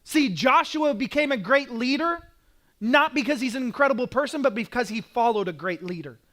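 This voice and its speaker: A male pastor with an Oklahoman accent preaching a sermon, telling stories with animation and acting out scenes, sometimes rising to a shout. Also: very high voice, animated, moderate pace.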